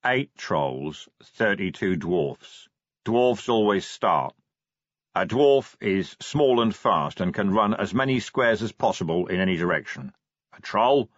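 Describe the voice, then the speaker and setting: A man voicing a clever male troll who speaks quietly and patiently, like a school teacher. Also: low-pitched, no room sound, highs cut off. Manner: measured, patient, lightly teasing.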